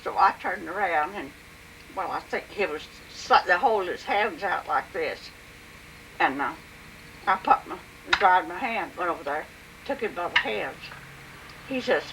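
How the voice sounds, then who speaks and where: An older woman telling a family story in an oral history interview, in a plain, unhurried way with frequent pauses and "and, uh". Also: lowish voice, animated, background noise.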